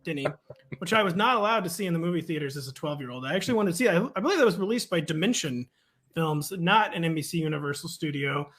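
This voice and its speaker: High-voiced joking male sports co-host. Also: animated, quick pace, a bit bright. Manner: joking, rambling with fillers. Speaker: fantasy football analyst co-host. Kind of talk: casual comedic chat.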